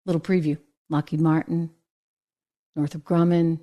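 A woman's voice: sits low, level tone, normal speed, warm tone. Chatty, sarcastic woman commentator. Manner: chatty, sarcastic, laughs often. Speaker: political commentary host. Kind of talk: casual direct-to-camera commentary.

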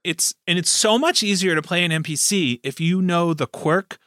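A man's voice: sits high, normal speed, sharp tone, no room sound, studio quality. A man who runs tabletop games, chatting casually and rambling with lots of fillers. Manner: rambling, many fillers and restarts. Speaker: game master and podcast host. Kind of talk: casual chat.

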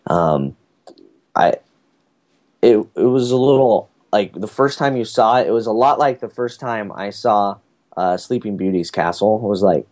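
A man's voice: fairly low pitch, moderate pace, a little mellow. A man, chatting casually and rambling through a family story with many fillers. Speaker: podcast guest recounting a family cruise. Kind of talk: casual chat.

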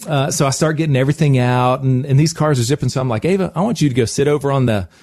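Animated man telling a radio story. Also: medium pitch, fast, no room sound. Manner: lively anecdote telling with frequent laughs. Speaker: radio show host.

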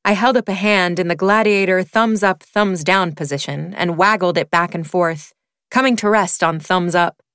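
Female reader, wry first-person romance narration, crisp and dry-sounding. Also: on the low side, moderate pace, a bit bright, no room sound. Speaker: audiobook reader. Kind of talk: narrating a romance novel excerpt.

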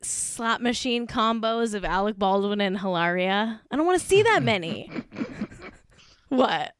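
A woman's voice: mid-range voice, lively intonation, unhurried, clear, resonant tone, no room sound, studio quality. A woman co-hosting a comedy podcast in casual chat, rambling and gushing with lots of "like"s. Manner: gushing, full of likes, with frequent laughs. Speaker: podcast co-host.

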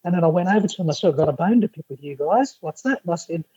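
A man who is a guest on a podcast, chatting casually and telling lively anecdotes. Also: a little high, rapid-fire, husky, dry recording, lo-fi sound. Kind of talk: casual chat.

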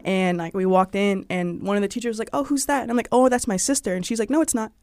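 A young woman with a Southern accent, from Georgia, USA, talks fast in a mid-range voice while sharing casual personal stories as an interview guest. Chatty by nature, she fills gaps with "like" and animates the voices she quotes. Clean studio sound, with no room sound.

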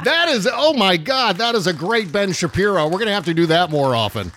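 A man's voice: high voice, big pitch swings, fairly quick, noisy background. A man hosting a podcast in a jokey, upbeat way, half-singing his show intros. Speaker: podcast host. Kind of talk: casual podcast chat.

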